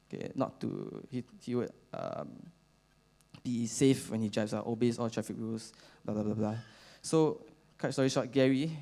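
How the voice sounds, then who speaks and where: Young Singaporean man, mid-pitched, casual rambling church talk full of fillers. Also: mellow. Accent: Singaporean English. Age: young adult. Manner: halting, many fillers, chatty with slang particles. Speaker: youth speaker at church. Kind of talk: casual storytelling sermon.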